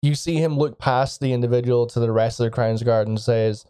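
A man's voice: medium pitch, fairly even intonation, brisk, hardly any pauses, warm tone, clean tone, no room sound, clean studio sound. A man narrating a tabletop game as game master, casual and profane between scenes. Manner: casual, swears, self-mocking.

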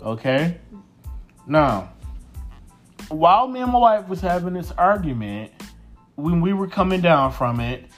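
Male co-host, easygoing and jokey, unhurried delivery, faint music bed. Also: fairly high pitch, big pitch swings. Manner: laid-back, joking, drawn-out delivery. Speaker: podcast co-host, husband. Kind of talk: casual marriage chat.

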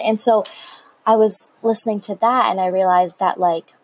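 A woman's voice: mid-range voice, fairly even intonation, fairly quick, darkish tone, a little hiss or hum, rough recording. A teenage girl in her late teens talking candidly to her viewers about a hard personal time, rambling with many likes and restarts. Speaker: vlogger. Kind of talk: personal confessional story.

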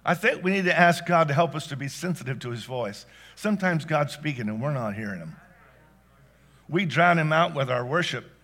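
A man preaching a sermon as pastor, dynamic, swinging from loud exclamations to hushed asides. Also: fairly high pitch, expressive, a little fast.

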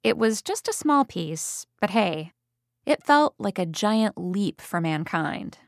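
Gravelly-voiced woman telling a story. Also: mid-range voice, very animated, takes it slowly, no room sound, clean studio sound. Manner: chatty, wry storytelling. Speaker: audiobook reader of a parent's story. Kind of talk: first-person story reading.

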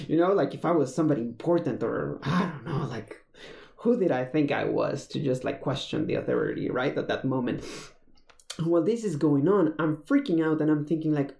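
Mellow gravelly voice, casual rambling storytelling, roomy echo. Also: mid-range voice, animated, normal speed. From Mexico. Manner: rambling, many fillers and restarts.

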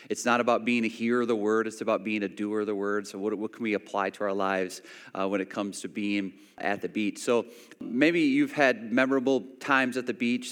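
A man's voice: on the low side, a bit bright, clean tone, long reverb tail. A man preaching a sermon, telling a personal story with many restarts and acted-out quotes. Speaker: pastor.

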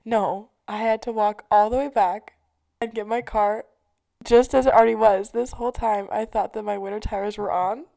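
A woman's voice: medium pitch, fairly even intonation, normal speed, creaky, dark tone. A young adult woman telling stories in a casual chat, swearing freely and filling her talk with "like". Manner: chatty storyteller, swears freely, many fillers. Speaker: vlogger.

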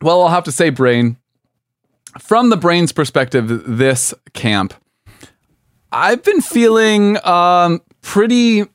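A young man with a fairly high voice co-hosts a casual podcast, giggling and rambling as the champagne kicks in. His voice is dry and close, with no room sound. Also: sing-song, takes it slowly, no echo. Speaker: podcast co-host. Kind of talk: casual comedic chat.

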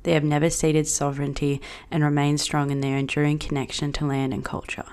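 A woman's voice: sits low, flat delivery, fairly quick, a little mellow, a little hiss or hum. A woman in her twenties with an Australian accent, hosting a podcast in casual chat, bubbly and gushing and swearing freely. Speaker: podcast host.

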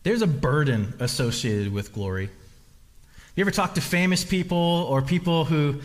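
A man with a somewhat high, animated voice preaches a sermon as pastor at a moderate pace, emphatic and repetitive, often restarting his phrases. He's in a church hall, and the recording carries the long reverb of a large space.

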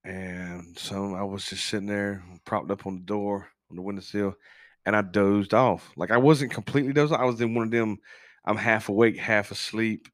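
Low-voiced man telling a personal story. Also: fairly even intonation, no echo, clean studio sound. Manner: rambling, halting, candid with frequent swearing; works as an on-call technician, speaks plainly about long shifts. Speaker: podcast host. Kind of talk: casual chat, personal storytelling.

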